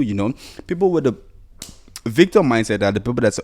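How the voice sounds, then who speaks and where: A man's voice: medium pitch, sing-song, fast talker, darkish tone. A man talking casually and insistently in a solo motivational podcast, repeating himself and filling with "you know". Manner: urging, insistent repetition. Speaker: podcast host.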